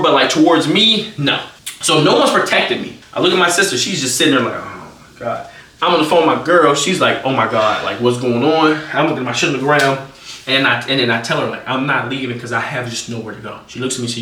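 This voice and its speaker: A young man from the United States telling a personal storytime in a fast, slangy way, swinging between laughing and hushed. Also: mid-range voice, recorded from a distance. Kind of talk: casual storytime monologue. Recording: roomy echo, off-mic.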